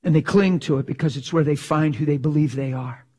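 Emphatic male preacher with a higher voice. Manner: emphatic, swings from loud drawn-out questions to hushed prayer; asks the crowd for assent. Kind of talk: sermon.

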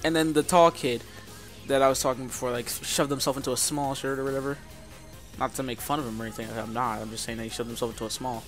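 A young man rambles through a casual story, leaning constantly on filler words. His voice sits at an ordinary middle pitch, and faint music plays behind him. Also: fairly even intonation, fast, a bit bright. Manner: rambling, heavy use of filler "like". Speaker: vlogger.

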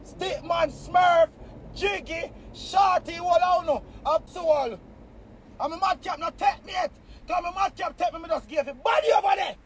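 A man with a Jamaican accent live-streaming a heated, taunting rant, loud and profane, often breaking into shouts. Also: extremely high pitch, normal speed, a little hiss or hum.

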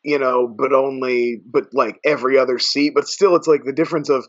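A man's voice: medium pitch, fairly even intonation, fairly quick. A man co-hosting a podcast in casual chat, emphatic and swearing freely. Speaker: podcast co-host. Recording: dull lo-fi sound.

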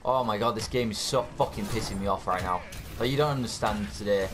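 A man's voice: lowish voice, a little fast, noisy background. Swearing, furious gamer man. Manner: angry, swearing, exasperated. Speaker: gaming YouTuber. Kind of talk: ranting gameplay commentary.

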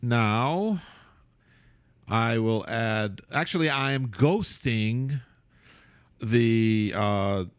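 A man teaching how to write and say words in a relaxed, playful way, with joking asides about his own mistakes. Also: extremely slow, pauses often, clear, resonant tone, no echo. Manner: playful, self-mocking, lively pitch. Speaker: Arabic calligraphy teacher.

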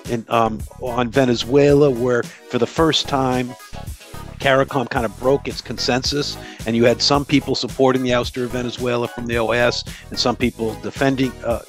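Guy on a podcast explaining things earnestly, lots of restarts, mid pitch, bit of music in the back. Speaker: guest, human rights advocate. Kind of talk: podcast interview conversation.

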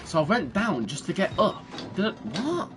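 A man's voice: sits high, big pitch swings, normal speed, over music. A young British man commentating a horror game, swearing a lot and jumping at scares. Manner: jumpy, swearing, crude jokes. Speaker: gaming streamer.

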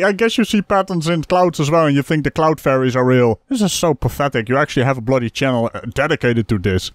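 A male host tears into a video in sarcastic commentary, chuckling scornfully as he goes. His voice sits a little high and swings widely in pitch. The sound is dry and close. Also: no echo.

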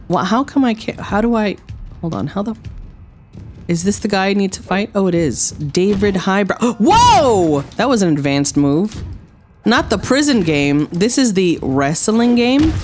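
A woman streaming a wrestling game, trash-talking with playful sarcasm, dropping low for tough lines and yelping high when surprised. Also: animated, normal speed, darkish tone, faint music behind. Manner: swings between low mock-tough lines and high yelps. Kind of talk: live gameplay commentary.

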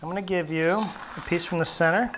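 A man working as a test cook, giving a steady, step-by-step cooking demonstration in a test kitchen studio. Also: a little high, quick pace, noisy background. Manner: steady, instructive, explaining each step.

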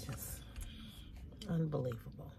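A woman's voice: very deep voice, slow pace, dark tone. A woman vlogger talking casually to her viewers, sounding weary, sighing often and repeating her points for emphasis. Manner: weary, venting, with frequent heavy sighs. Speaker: fashion vlogger. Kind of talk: casual chat to camera.

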